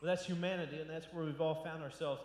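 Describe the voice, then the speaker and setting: A man's voice: fairly high pitch, steady tone, fast talker, a little mellow. A male pastor giving a loose, conversational sermon, often repeating words and restarting phrases. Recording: echoey hall with long reverb.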